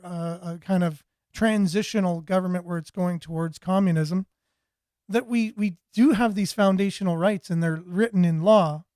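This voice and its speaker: A man's voice: high-pitched, darkish tone, dry recording, studio quality. A man hosting a talk show, rambling in casual commentary and reading out viewer comments, often repeating words and restarting. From Canada.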